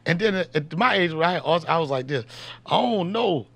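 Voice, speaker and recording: A man's voice: on the high side, animated, fast talker, gravelly, fairly bright tone. A man in his fifties hosting a podcast, telling loose, slangy, joking stories in a casual chat. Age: 50s. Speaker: podcast host and comedian.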